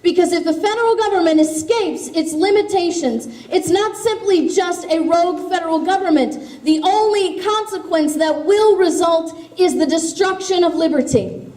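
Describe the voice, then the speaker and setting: A woman's voice: extremely high pitch, moderate pace, dark tone. A woman giving an impassioned grassroots speech, telling stories with emphatic force. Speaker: grassroots activist speaker. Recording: echoey hall.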